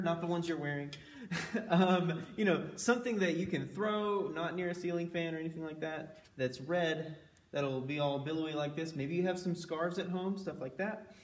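A man leading a children's music session, playful and animated, singing and whooping with the kids. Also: a little high, echoey room, recorded from a distance. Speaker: children's library music leader. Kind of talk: children's sing-along lesson. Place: library room.

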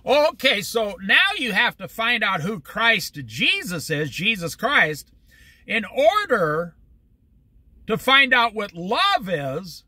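Animated bible study guy, high pitched and super bright, jokey preaching, dry close mic. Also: no echo. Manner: animated and humorous, acts out quick everyday voices.

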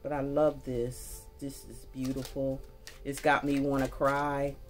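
A woman with a deep, low voice reads tarot cards in a loose, chatty, folksy way and speaks right to her viewers. Soft music plays faintly behind her. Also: level tone, unhurried. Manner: chatty, folksy, talks straight to viewers with y'all. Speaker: tarot reader. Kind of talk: casual spoken tarot reading.

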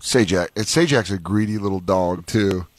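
A man's voice: low voice, normal speed, no echo. A man co-hosting a live radio comedy show, riffing and swearing in casual banter. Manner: lively, riffing, crude jokes.

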